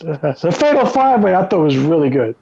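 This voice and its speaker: A man co-hosting a wrestling podcast, recapping shows in animated, profane storytelling. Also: fairly high pitch, brisk, creaky, dull audio. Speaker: podcast co-host. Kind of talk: casual wrestling chat.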